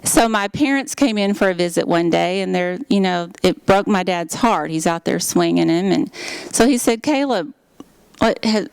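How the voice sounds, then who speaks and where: A woman's voice: on the low side, normal speed, creaky, a little mellow, smooth, dry recording. A woman giving an earnest, heartfelt faith testimony. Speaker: speaker giving a personal testimony.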